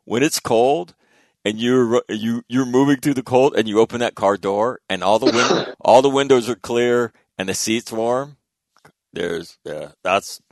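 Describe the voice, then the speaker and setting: A man hosting a casual chat, telling animated stories and laughing often. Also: mid-range voice, measured pace, no echo.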